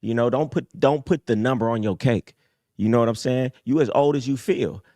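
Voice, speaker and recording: A man's voice: brisk, warm tone, no room sound. Streetwise man preaching hard on a dry mic. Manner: streetwise, preachy, swings from low mutters to high emphatic bursts. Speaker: host. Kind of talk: casual livestream talk.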